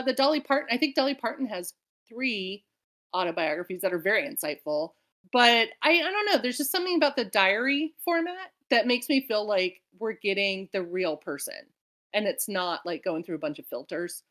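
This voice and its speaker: American woman, book club cohost, kinda high voice, rambly chatty tangents. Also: expressive, brisk, fairly bright tone. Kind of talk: casual chat.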